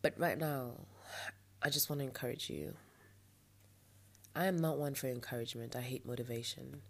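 Rumbling low with vocal fry, this young woman keeps a steady tone and normal speed as she hosts her podcast. In a late-night personal monologue she rants candidly, a little frustrated, with soft laughs, and one nostril is blocked.

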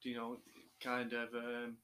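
A man's voice: medium pitch, completely flat delivery, a little slow, sharp tone, slight background noise. A man hosting a casual podcast, asking questions hesitantly with many fillers and repeated words. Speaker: podcast host.

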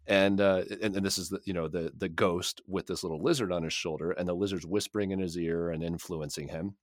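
A man's voice: low voice, fairly even intonation, brisk, few pauses, no echo, studio quality. A man co-hosting a podcast and chatting casually about a book, rambling and repeating words as he thinks. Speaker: podcast co-host.

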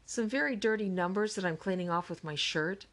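A woman's voice: mid-range voice, brisk, a bit bright, close to an everyday voice. A woman reading an audiobook, voicing a small, stubborn young boy who gives blunt, short answers.

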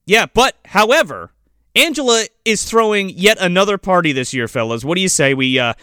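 A man's voice: sits high, expressive, fairly quick, sharp tone, clean tone, dry recording, clean studio sound. A man hosting a casual movie podcast, laid-back and profane, rambling through his opinions. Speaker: podcast host.

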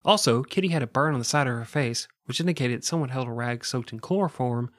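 A man's voice: mid-range voice, fast, no echo, clean studio sound. A man casually telling a true crime story on a podcast, joking and swearing and laughing often.

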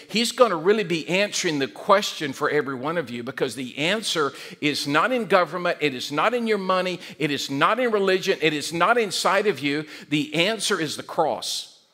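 A man preaching a sermon as pastor, animated, often repeating words and acting out quoted voices. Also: a little high, moderate pace.

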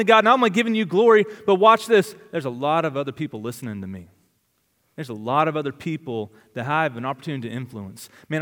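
A man preaching a sermon in a high, ringing voice. He drives his points with rhetorical questions and swings from loud urgency to hushed intensity. Each phrase trails off into the long reverb of a large hall. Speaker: pastor.

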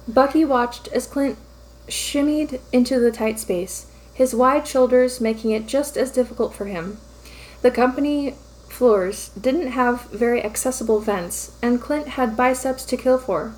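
Woman narrating fan fiction, fairly high voice. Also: a little slow, a little mellow, low-quality recording.

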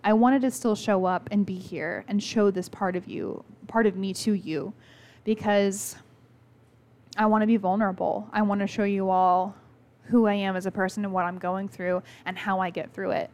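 A woman's voice: mid-range voice, level tone, moderate pace, a little mellow. A woman hosting her own podcast, telling a personal story in a candid, rambling way with many fillers. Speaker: podcast host. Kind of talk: casual solo podcast talk.

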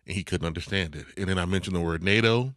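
A middle-aged man with a low, bright, forceful voice tells a story in a casual chat. He is animated and swears freely. The sound is dry and close. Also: fast talker, no echo.

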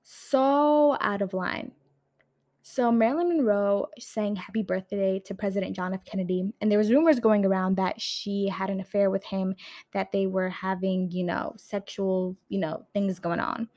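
Recorded on a camera mic indoors at home, this young video creator reviews a film in a heated, swear-heavy casual rant, restarting often and using many fillers. Her mid-range voice stays steady and mellow at a normal speed.

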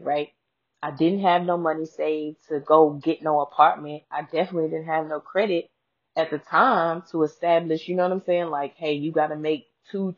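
A woman host telling a personal story in a casual, frank way, swearing freely and speaking straight to her listeners. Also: deep voice. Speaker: podcast host. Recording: dull lo-fi sound.

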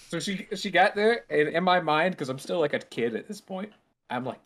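A man's voice: a little high, fairly quick, a bit bright. Young man telling a rambling story. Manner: rambling storytelling with profanity and laughter; acts out quoted voices. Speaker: podcast host. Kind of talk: casual chat.

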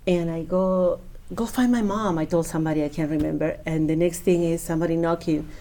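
A woman's voice: on the low side, fairly quick. Emotional woman telling a faith story. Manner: emotional, animated, acts out dialogue. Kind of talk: personal conversion story.

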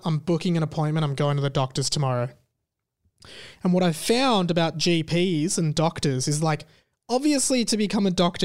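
A man's voice: a little high, no room sound, studio quality. Young man rambling on a podcast. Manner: rambling, self-deprecating, animated retelling with quoted dialogue. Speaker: podcast host. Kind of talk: casual solo storytelling.

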